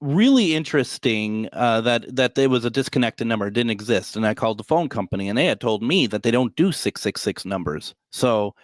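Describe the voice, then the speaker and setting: A man's voice: medium pitch, animated, brisk, hardly any pauses, dry recording. A man hosting a call-in radio show from a hotel room, talking casually in a rambling, joking way with lots of fillers and restarts.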